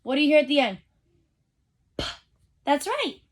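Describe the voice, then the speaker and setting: A woman teacher giving a phonics lesson to young children over a video call, sounding out letters slowly and cheering them on. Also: high voice, sing-song. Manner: upbeat, encouraging, speaks straight to the kids.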